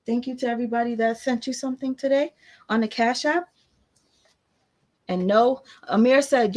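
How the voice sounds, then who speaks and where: A woman's voice: on the high side, normal speed. A woman hosting a casual livestream, chatting loosely with her viewers and her baby. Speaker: channel host.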